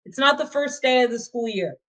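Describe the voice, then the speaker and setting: A woman's voice: high-pitched, animated, fairly quick, a bit bright, voice pushed up. A woman voicing an irritable male schoolteacher who talks in a weary, impatient way. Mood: exasperated.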